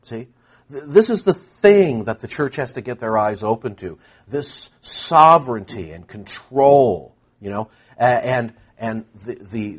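A man preaching a sermon, shifting from hushed asides to loud, stressed peaks and repeating words for emphasis. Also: medium pitch, expressive, moderate pace, husky.

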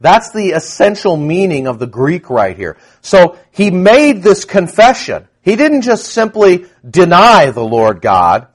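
A man preaching in a lively, conversational way, his voice rising and falling a lot as he teaches. He keeps turning to the congregation with asides and questions. His voice sits a little above the usual for a man. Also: sits high, measured pace, few pauses. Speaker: pastor. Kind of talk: sermon.

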